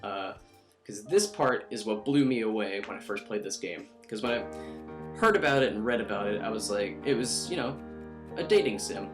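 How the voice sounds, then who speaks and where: A young man giving casual, profane, rambling commentary on a visual novel playthrough, tossing in quick character voices. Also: on the low side. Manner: rambling, profane, self-mocking, mimics characters in quick asides. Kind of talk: casual let's-play commentary.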